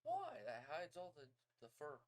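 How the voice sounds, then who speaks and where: A man's voice: high-pitched, animated, fairly quick, fairly bright tone. A man co-hosting a podcast, chatting casually and joking boastfully, swinging his voice up and down. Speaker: podcast co-host. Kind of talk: casual chat.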